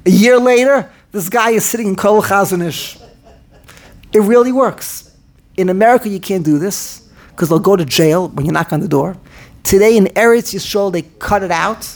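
A man teaching a Torah class in an animated way, often repeating himself and restarting his sentences. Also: high voice, normal speed. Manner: animated, repetitive, stumbles and restarts mid-sentence.

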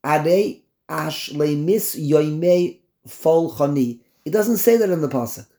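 A man leads a Torah class in a mellow, dark voice. He sprinkles Hebrew and Yiddish terms into his English, stammers over restarts, and breaks into incredulous outbursts. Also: on the high side, unhurried. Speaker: Torah teacher.

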